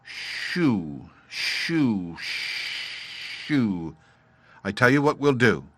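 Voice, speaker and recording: A man's voice: mid-range voice, animated, unhurried, sharp tone, dry recording. A man voicing a thoughtful, playful caveman father who patiently explains things in a storybook reading. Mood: eager.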